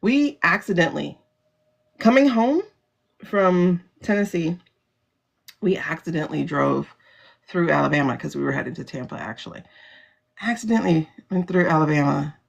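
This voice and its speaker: Lively, gravelly woman ranting on a livestream. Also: low-pitched. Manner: blunt, animated, laughs often, swears. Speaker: livestream host. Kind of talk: casual livestream monologue. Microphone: phone livestream.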